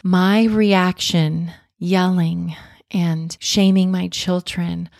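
Mom with a lowish gravelly voice, candid confessional story, sounds dry and close. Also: female voice, fairly even intonation, very slow, a little mellow, no room sound. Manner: earnest, self-reflective. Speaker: mother telling a personal story.

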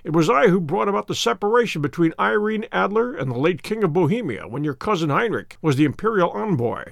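A man voicing a calm, witty male detective who speaks with dry, courteous irony, in an audiobook reading. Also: sits high, brisk, creaky, no room sound. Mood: wry.

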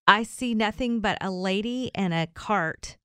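A woman co-hosting a morning radio show, telling a funny story in casual chat, animated and often laughing as she acts out what people said. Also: medium pitch, unhurried, clear, resonant tone, no room sound, studio quality.

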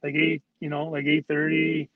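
A man's voice: a little high, completely flat delivery, moderate pace, narrow, tinny audio, crowd noise. A man who played pro hockey, a guest telling stories in a rambling way, full of "like"s and acted-out quotes of teammates. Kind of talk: casual storytelling.

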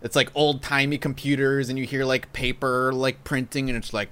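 A man's voice: mid-range voice, level tone, normal speed, few pauses, fairly bright tone, clear, resonant tone. A man hosting a casual podcast chat, rambling and laughing often, with lots of "like". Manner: giggly, rambling, heavy use of "like". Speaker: podcast host.

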